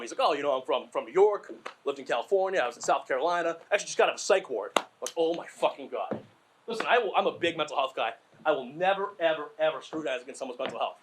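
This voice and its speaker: A young stand-up comedian from Massachusetts, his voice a little high and the background noisy, tells rambling, crude stories at his own expense. He sounds out of breath and keeps drifting into asides and filler words.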